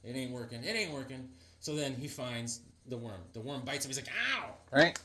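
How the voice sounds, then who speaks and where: A man casually shows off his comic books in an enthusiastic, rambling way, full of restarts and filler words. His loudness swings as he leans toward and away from the mic. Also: medium pitch, normal speed. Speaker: comic book reviewer. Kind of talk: casual comic book show-and-tell.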